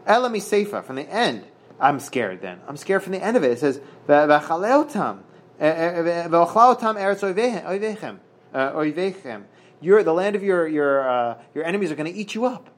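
A man with a slightly high-pitched voice leads a relaxed Talmud study session. He reads out Hebrew and Aramaic lines and then explains them in plain English. His delivery is halting, full of "uh" and repeated words. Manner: halting, many fillers and restarts, reads Hebrew then translates. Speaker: Talmud teacher. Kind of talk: casual daf study lesson.

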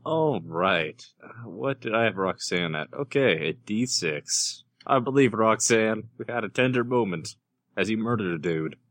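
A man's voice: fairly low pitch, lively intonation, unhurried, fairly bright tone, no room sound. A man playing in a tabletop game, chatting casually and playfully, often laughing at his own jokes. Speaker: player.

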